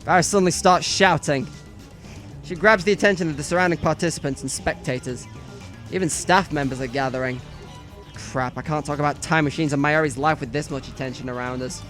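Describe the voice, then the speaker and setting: A woman's voice: low voice, brisk, faint music behind. A woman narrating a visual novel let's play, reading the lines and joking with casual swearing. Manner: lively, swears and laughs at herself.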